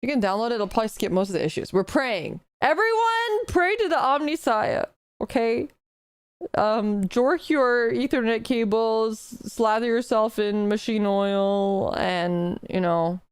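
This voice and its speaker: A woman's voice: mid-range voice, fairly even intonation, unhurried, few pauses, a little mellow, clean tone, no room sound, studio quality. A woman streaming a reaction video, chatting casually with viewers, apologetic and joking. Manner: chatty, apologetic, jokey asides.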